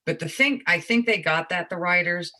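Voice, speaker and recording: A woman's voice: lowish voice, moderate pace, pushed and bright. A woman guest adding local history facts in a chatty way. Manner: chatty, adds side facts. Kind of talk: casual chat.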